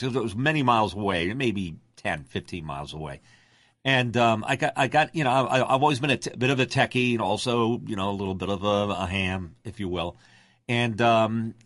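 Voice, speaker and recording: An older man who works as a radio announcer and voiceover artist, from Delaware, talking in a deep, resonant announcer voice with lots of fillers. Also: a bit bright, no room sound. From Delaware, USA. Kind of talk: casual interview.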